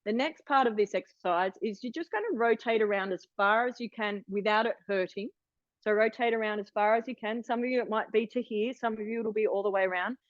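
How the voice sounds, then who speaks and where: A woman's voice: medium pitch, brisk, dry recording, highs cut off. A woman in her forties leading an online workshop, chatty and encouraging, with frequent restarts. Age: 40s. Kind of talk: online wellness workshop talk. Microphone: video call.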